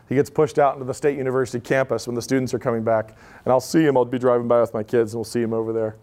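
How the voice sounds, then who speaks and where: A man's voice: medium pitch, darkish tone. A man in his thirties giving an informal talk to an audience, telling stories in a conversational way with many asides. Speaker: speaker at a live event.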